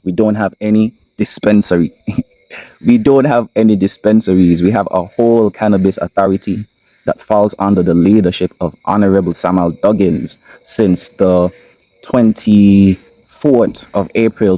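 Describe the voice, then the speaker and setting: Deep-voiced Kittitian man, emphatic and dry. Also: mellow, no echo, rough recording. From Saint Kitts. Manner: emphatic, repeats lines, slows for stress. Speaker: channel host. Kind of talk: impassioned solo commentary. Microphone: camera mic.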